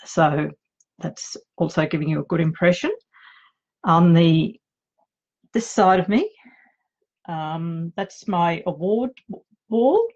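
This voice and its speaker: A woman's voice: fairly low pitch, animated, takes it slowly, pauses often, darkish tone, slightly rough, muffled recording. A middle-aged woman with an Australian accent, an author chatting casually and nervously in her home office, joking about herself. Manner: chatty, nervous and self-deprecating. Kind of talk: casual live video chat.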